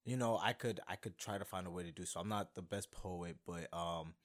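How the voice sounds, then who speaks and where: A young man hosting his own podcast, talking casually and rambling excitedly, with many fillers and restarts. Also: sits low, fairly quick. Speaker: podcast host. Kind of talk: casual solo podcast talk.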